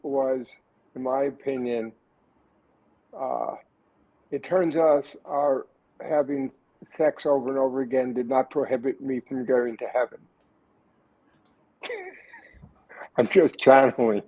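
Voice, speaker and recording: A man's voice: mid-range voice, steady tone, slow, pauses often, muffled recording. A man judging a caption contest in casual chat, blunt and repeating himself as he weighs in. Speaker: judge.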